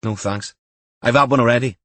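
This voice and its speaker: A man's voice: mid-range voice, a little fast, fairly bright tone, no echo, voice pushed up, lightly acted. A man voicing an eager, jokey young detective constable. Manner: eager, upbeat, joking.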